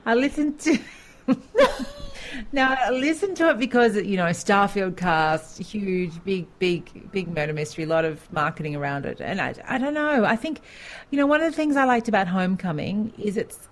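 Woman co-host, rambling and hesitant, slightly low voice. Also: creaky. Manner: rambling, hesitant, lots of fillers and laughs. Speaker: podcast co-host. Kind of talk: casual podcast chat.

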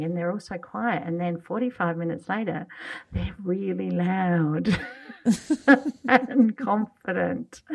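A woman co-hosting a podcast in casual chat, animated and emphatic, often agreeing. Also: on the low side, gravelly. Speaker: podcast co-host.

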